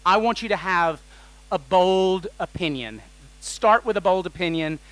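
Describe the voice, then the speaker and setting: A man giving an energetic, joking talk on a conference stage, tossing questions at the audience. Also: sits high, a little slow, no room sound, rough recording. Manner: energetic and jokey, quizzing the audience. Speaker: conference keynote speaker.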